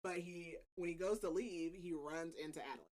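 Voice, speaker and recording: On her podcast, a woman runs through a book's plot in a relaxed, chatty way, laughing often and leaning on filler words. Her voice sits lowish and a little mellow, and she talks fairly quickly.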